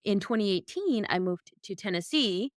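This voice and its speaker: A woman's voice: medium pitch, expressive, normal speed, dry recording, studio quality. A woman in her thirties who grew up speaking Pennsylvania Dutch, chatting easily as an interview guest with a light Amish accent and frequent laughs. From Michigan, USA. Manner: easygoing, laughs often. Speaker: podcast guest. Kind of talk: conversational interview.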